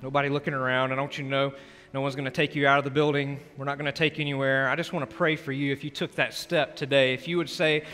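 A male pastor giving an altar call in a church, earnest and pleading, shifting between loud urging and hushed prayer. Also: mid-range voice, little pitch movement, fast. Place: church sanctuary. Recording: long church hall reverb with soft music.

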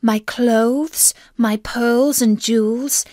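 Young storybook princess, weepy and spoiled, high tearful voice, voiced by a woman, dry close sound. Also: steady tone, very slow, a little mellow, no room sound. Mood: pleading.

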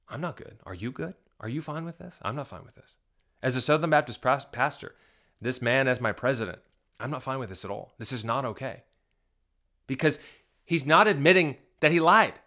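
A man's voice: mid-range voice, very animated, fairly quick, fairly bright tone. A male pastor giving video reaction commentary, emphatic and indignant, firing rhetorical questions at his viewers. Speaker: Southern Baptist pastor.

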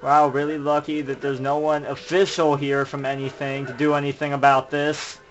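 A man's voice: mid-range voice, completely flat delivery, normal speed, lo-fi sound, faint music behind. A man commenting sarcastically while playing a video game, mocking the characters and cheering himself on. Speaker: gameplay commentator. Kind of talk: sarcastic let's play commentary.

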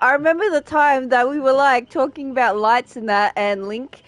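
A woman's voice: high voice, fairly even intonation, normal speed, no room sound. A young woman streaming a horror game, chatting and teasing a friend, often laughing and breaking into sudden shrieks. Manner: giggly, teasing, bursts into shrieks. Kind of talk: live gaming commentary with a friend.

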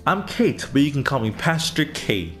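A man's voice: mid-range voice, big pitch swings, normal speed, fairly bright tone, faint music behind, voice pushed up. A man voicing an upbeat, welcoming woman pastor while reading game dialogue aloud. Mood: friendly. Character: cheerful kindly woman pastor.

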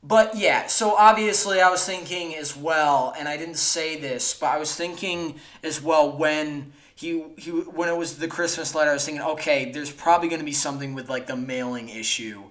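A man's voice: a little high, normal speed, few pauses, a bit bright. Rambling man reacting, roomy sound. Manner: rambling, offhand. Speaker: reaction video host. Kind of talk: casual reaction commentary. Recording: roomy echo.

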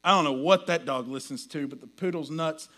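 A man preaching a sermon as pastor, folksy and storytelling, dropping to a hush and rising to loud quoted lines. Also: a little high, fairly quick.

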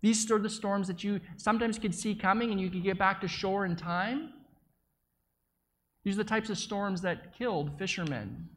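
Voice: mid-range voice, fairly bright tone. Preacher retelling a story as eyewitness. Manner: vivid retelling as an eyewitness, with small stumbles. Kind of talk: first-person dramatic storytelling sermon.

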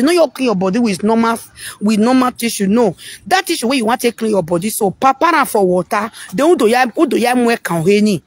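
Husky Nigerian woman, rambling frankly. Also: on the high side, darkish tone, dry recording. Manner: frank, rambling, repeats words mid-sentence. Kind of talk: casual monologue.

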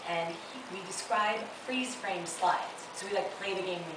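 A woman in her thirties from Chicago, doing chatty, animated stand-up on a theater stage. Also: mid-range voice, moderate pace. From Chicago, USA. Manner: chatty, animated storyteller with frequent laughs. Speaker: stand-up comedian. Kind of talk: stand-up comedy. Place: theater stage with live audience. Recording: roomy theater, mic far off, audience noise.

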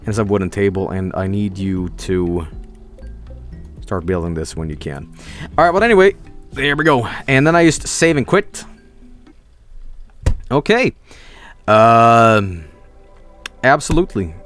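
A man's voice: lowish voice, sing-song, unhurried, pauses often, a bit bright, faint music behind. A young man streaming, chatting casually and rambling, with lots of swearing and chuckles.

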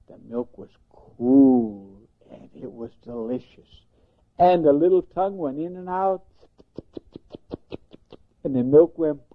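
Old grandfather storyteller, slow, lively gravelly voice, phone-line sound. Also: fairly high pitch. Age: older. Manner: slow, gentle, singsong storytelling. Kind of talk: bedtime story narration.

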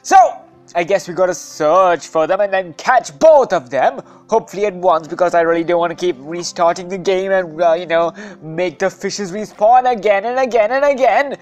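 A man hosting a gameplay video, chatting playfully and bursting into shouts and sing-song calls. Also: high voice, moderate pace, soft background music. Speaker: gaming video host. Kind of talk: gameplay commentary.

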